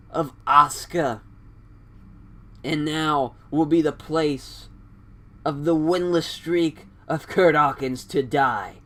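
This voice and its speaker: A man voicing a boastful male wrestler making drawn-out, dramatic proclamations to a crowd. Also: fairly high pitch, pitched above the performer's own voice.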